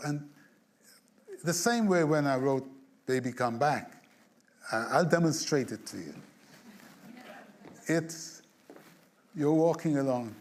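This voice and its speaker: Guy songwriter telling a story in an interview, kinda high voice, acts it all out, chuckles a lot. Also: a little slow, pauses often. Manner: animated storyteller who acts out scenes and hums tunes; chuckles through his stories. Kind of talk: storytelling anecdote.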